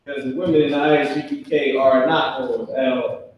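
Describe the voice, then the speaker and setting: In an echoey classroom with a whiteboard, a man runs a live online Hebrew lesson, joking around in slang and imitating kids' voices for laughs. His medium-pitched voice is fairly even and fairly quick, recorded far from the mic with lo-fi sound and a little hiss or hum.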